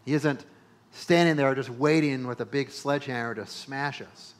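A male pastor preaching a sermon, emphatic, repeating phrases and building to loud peaks. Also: medium pitch, steady tone, moderate pace.

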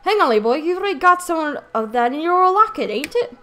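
A woman's voice: high voice, sing-song, fairly quick, bright, forceful tone, heavily acted. A woman voicing a cheeky little fairy guy. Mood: chiding. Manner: chummy, scolding, calls the boy lad.

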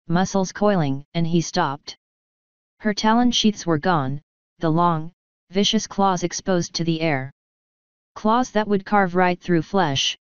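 A woman reading a fan story aloud in steady storybook narration. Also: lowish voice, clear, resonant tone, dry recording, highs cut off. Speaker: fanfiction reader.

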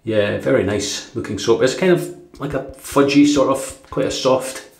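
A man's voice: medium pitch, moderate pace, creaky. A Scottish man from Dundee chatting casually through a product review, rambling with fillers and chuckles. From Dundee, Scotland. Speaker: shaving vlogger. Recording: echoey room.

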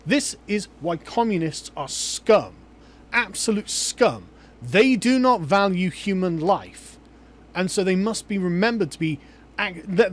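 Man, high-ish voice, firm denouncing political commentary, faint background noise. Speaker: commentator in a played clip.

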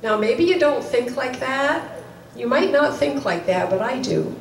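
A woman preaching with earnest urgency, driving her points home by repeating them. Her voice sits on the high side. She is picked up from a distance in a chapel hall full of echo, with faint noise behind her. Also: expressive, a little slow. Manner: earnest, repeats key lines for emphasis. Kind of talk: sermon.

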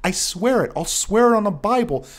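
A man's voice: big pitch swings, moderate pace, a little mellow. A man voicing a frightened young hotel thief in a crackling, pleading voice, in a storybook reading. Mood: desperate pleading. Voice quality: crackling, shrill.

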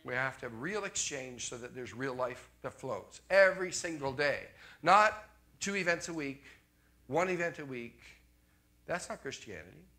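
An older man preaching a sermon as pastor, animated, jumping from loud exclamations to quiet asides. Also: medium pitch, moderate pace.

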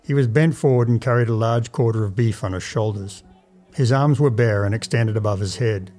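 A man reading a classic tale aloud in a measured, dramatic first-person narration. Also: mid-range voice, a little mellow, faint music behind. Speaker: audiobook narrator.

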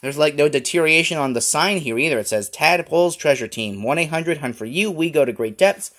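Chatty male YouTuber, rambling casual toy review, slightly high voice. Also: expressive, fairly quick, fairly bright tone.

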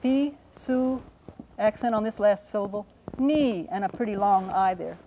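Mellow-voiced woman teaching phonetics. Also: medium pitch, fairly even intonation, slight background noise, poor audio. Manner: slow, careful demonstration of pronunciations. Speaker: linguist giving a talk. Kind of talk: explaining phonetic symbols.

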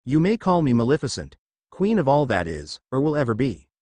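A man's voice: medium pitch, big pitch swings, fairly quick, dark tone, no echo. A man voicing a scheming, possessive sorceress queen who speaks through a possessed boy, in a cold and commanding manner, reading a fan-fiction story.

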